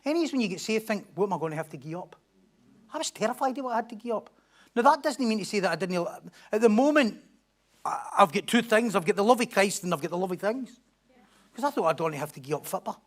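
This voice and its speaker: Animated high-voiced man preaching. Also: quick pace. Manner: animated, acts out crowd voices, swings from loud to hushed. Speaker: pastor. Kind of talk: expository sermon.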